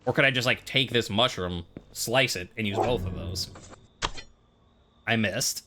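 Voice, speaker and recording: A man's voice: fairly low pitch, unhurried. A man giving casual, rambling commentary while playing a game, full of joking asides. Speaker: game player. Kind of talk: casual let's-play commentary. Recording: steady background noise.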